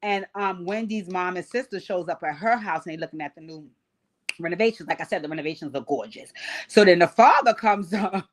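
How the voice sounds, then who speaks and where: A woman's voice: fairly low pitch, a little fast. A woman in her forties giving a casual, sassy and blunt recap of reality TV as a channel host, cursing freely and addressing her viewers directly. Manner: sassy, blunt, profane, animated asides.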